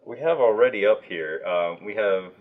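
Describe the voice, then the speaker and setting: A man's voice: fairly low pitch, animated, moderate pace, narrow, tinny audio. A man hosting a livestream, chatting casually with a guest, with plenty of fillers and restarts. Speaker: livestream host.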